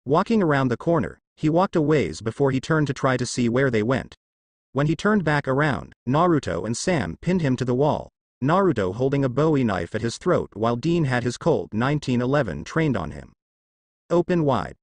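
A man narrating a fan fiction story in an expressive reading style. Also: medium pitch, a little fast, dry recording.

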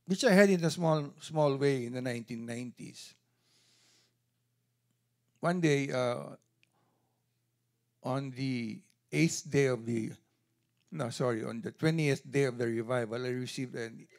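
A man giving an animated testimony at a church service, telling his story with quoted dialogue. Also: medium pitch, gravelly.

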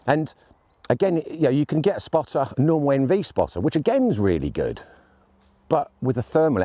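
A man's voice: mid-range voice, mellow, no room sound. A man giving a chatty, jokey and enthusiastic gear review outdoors on shooting land.

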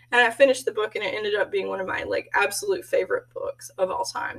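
A woman's voice: medium pitch, steady tone, fairly quick, vocal fry, fairly bright tone, breathy edge, far from the mic, rough recording. A woman giving a casual self-introduction as a graduate student, telling stories in a chatty way and laughing often.

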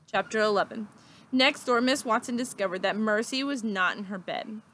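A teacher reading a children's book aloud with expressive, steady storytelling. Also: female voice, mid-range voice, moderate pace.

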